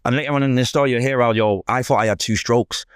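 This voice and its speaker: Fast-talking Manchester man telling stories. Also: mid-range voice, clear, resonant tone, no echo, clean studio sound. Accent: Manchester English. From England. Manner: animated, acts out quoted voices. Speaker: guest. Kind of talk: storytelling interview.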